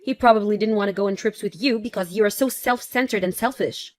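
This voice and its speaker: A woman's voice: mid-range voice, fast, dry recording, close to an everyday voice. A woman voicing a protective young fiancée who speaks firmly and with indignation in a text-message story. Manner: firm, indignant.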